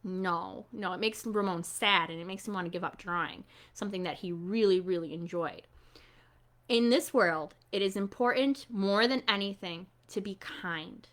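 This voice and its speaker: A woman hosting a children's storytime online, animated and coaxing as she talks straight to the kids. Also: medium pitch, normal speed.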